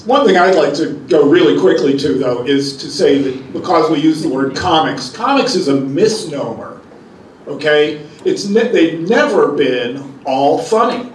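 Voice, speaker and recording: A man's voice: a little high, lively intonation, a little slow. A man speaking as a cartoonist on a live convention panel, wry and conversational, often rephrasing himself. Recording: echoey hall, mic far off, faint noise.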